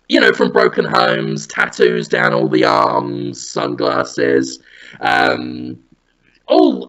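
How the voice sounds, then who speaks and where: Dalek-filtered man telling an animated story. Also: sits high, vocal fry, background noise. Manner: animated, rambling, breaks into sung bits. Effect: Dalek-style robotic voice filter. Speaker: comedy podcast host. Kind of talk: absurd comic storytelling chat.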